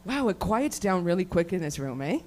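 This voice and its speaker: At a comedy venue with a live audience, a woman performs a raunchy stand-up set, rambling, swearing constantly, and laughing at her own jokes. Her fairly low, darkish voice swings widely in pitch and moves a little fast.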